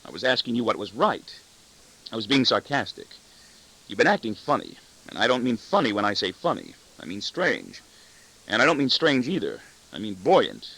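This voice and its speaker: A man's voice: medium pitch, a bit bright, breathy edge, heavily acted, poor audio. A man voicing an arrogant, cutting corporate boss in an audiobook, with a sardonic, self-satisfied delivery. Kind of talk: audiobook reading.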